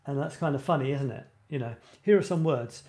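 A creative writing show host chats casually on a live stream, his mid-range voice brisk and mellow. He drifts from point to point, often breaking off mid-sentence and laughing at himself.

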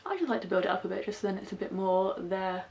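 Talking fast in a mid-range voice that's creaky and darkish, a young West Country woman with a light local accent walks viewers through her makeup tutorial. The vlogger describes every step casually, dropping in self-deprecating remarks.

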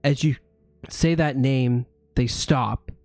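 A man's voice: medium pitch, slow pace, a little mellow, no room sound. A man narrating as game master in a tabletop game, casual with frequent restarts.

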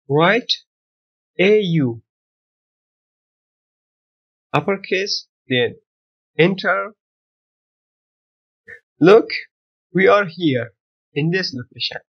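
Tutorial host, male, high voice, slow, simple broken English, dull lo-fi recording. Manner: non-native English with broken grammar, step-by-step instructions. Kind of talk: screen-recorded software tutorial.

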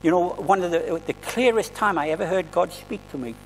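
A man's voice: sits high, brisk, big-room sound, a little hiss or hum, low-quality recording. A man preaching a sermon in a church, earnest and conversational, often restarting his phrases. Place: church hall.

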